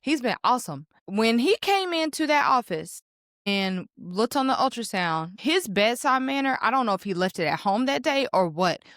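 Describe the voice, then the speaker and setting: Woman, young adult, podcast host, candid emotional storytelling, mid pitch, dry close recording. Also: a bit bright, no room sound. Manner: candid, emotional, addresses listeners as y'all. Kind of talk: personal storytelling.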